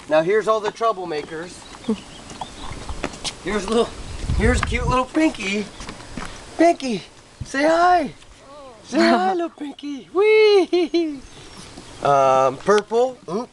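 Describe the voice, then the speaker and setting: A woman's voice: on the low side, slight background noise, rough recording. A woman making a home video, calling and cooing to her puppies in sing-song baby talk. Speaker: puppy owner.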